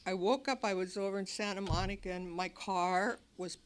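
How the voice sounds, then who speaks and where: In a meeting hall, a woman tells an audience her recovery story in a mid-range voice, steady in tone and moderate in pace. She animatedly acts out her past cries and other people's lines.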